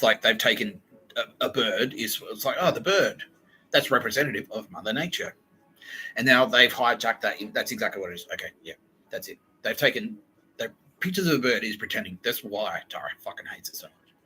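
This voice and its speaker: A young man hosting a podcast, rambling through a profane, excitable solo monologue that jumps from idea to idea. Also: on the low side, slight background noise, poor audio. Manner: profane, excitable, fast-shifting and digressive. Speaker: podcast host.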